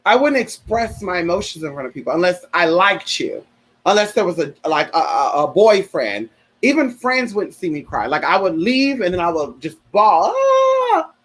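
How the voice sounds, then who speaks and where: A man's voice: sits high, very animated, normal speed, fairly bright tone, rough recording. A man hosting a casual livestream chat, sassy and chatty, calling his listeners honey and girl, and turning earnest and heartfelt when he talks about grief. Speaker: livestream host.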